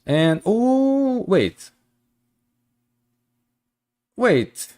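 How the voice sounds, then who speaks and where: A man streaming as he reads manga, chatty and excitable, often stumbling and restarting sentences. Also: high voice, very slow. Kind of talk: live stream manga reading.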